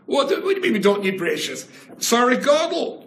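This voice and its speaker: Animated, bright-voiced man teaching a Torah class. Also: extremely high pitch, brisk, creaky. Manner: animated, emphatic, Yiddish and Hebrew terms. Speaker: rabbi. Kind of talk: Torah class, storytelling lecture. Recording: echoey room with faint noise.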